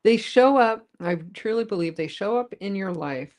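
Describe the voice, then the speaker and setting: A woman co-hosting a podcast, telling personal stories in a relaxed, rambling way. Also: mid-range voice, normal speed. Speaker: podcast co-host. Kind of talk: casual podcast chat.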